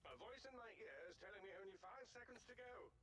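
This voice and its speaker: Theatrical male game announcer, husky, high-pitched, very lively, over faint game music. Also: fast, no echo, full character voice. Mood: announcing.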